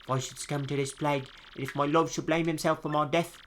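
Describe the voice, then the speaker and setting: A man voicing a guilt-ridden male tavern keeper from a game, putting on a British accent and speaking in a hushed, confessional way. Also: a little high, flat delivery, fast, slight background noise, voice pushed up, lightly acted. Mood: grave. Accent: put-on British.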